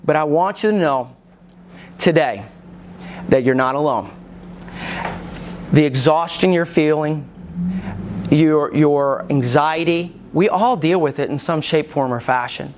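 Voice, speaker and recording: A man's voice: on the high side, a little slow, long pauses, background noise. A pastor in his forties preaching a sermon in a church, candid and dramatic in his storytelling. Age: 40s.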